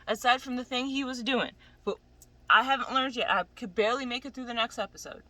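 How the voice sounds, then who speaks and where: A woman's voice: fairly high pitch, brisk, no room sound, rough recording. A woman giving a casual, profane, exasperated rant about an anime she is watching. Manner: animated, profane, exasperated ranting. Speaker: anime commentator. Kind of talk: casual ranting commentary.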